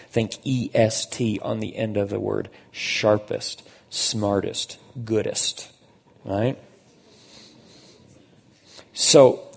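A man preaching a conversational sermon as a pastor, emphatic and slowing down on key phrases. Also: mid-range voice, gravelly, darkish tone, long reverb tail.

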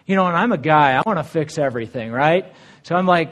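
Earnest, slightly high-voiced male preacher. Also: animated, fast talker, fairly bright tone. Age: adult, married. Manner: earnest, conversational preaching with scripture readings. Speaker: pastor. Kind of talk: sermon.

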